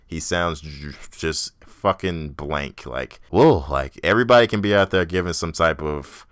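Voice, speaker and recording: A man's voice: rumbling low, measured pace, hardly any pauses, dry recording, studio quality. A young man hosting a podcast, giving a blunt, profane, ranting review and mocking people in exaggerated voices. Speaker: podcast host. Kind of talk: casual solo wrestling review.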